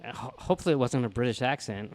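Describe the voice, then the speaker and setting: An American man with an ordinary mid-pitched voice co-hosting a laid-back comedy podcast. He swears often and spins loose stories. His tone is blunt and crude. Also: very fast. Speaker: podcast co-host. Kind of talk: casual comedy podcast chat.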